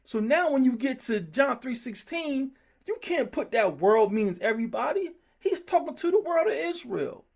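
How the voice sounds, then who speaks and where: A man's voice: extremely high pitch, moderate pace, vocal fry. A man leading a group scripture study, talking in an emphatic, worked-up way. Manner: animated, emphatic, gets worked up. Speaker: Bible study teacher.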